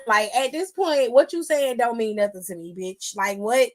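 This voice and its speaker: A woman's voice: a little high, normal speed, hardly any pauses, a bit bright. Blunt, profane woman hosting wrestling chat. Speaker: wrestling aftershow host. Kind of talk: casual live-stream wrestling recap.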